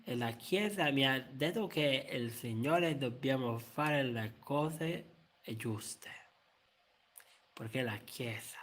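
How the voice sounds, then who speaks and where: A man doing an impression of an elderly male church leader preaching slowly. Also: medium pitch, fairly bright tone. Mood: preachy.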